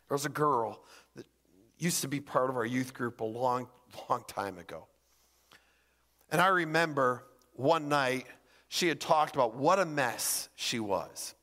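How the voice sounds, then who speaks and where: A man preaching a sermon as pastor, acting out voices and swinging between loud and hushed. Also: medium pitch, a little slow, in a large hall.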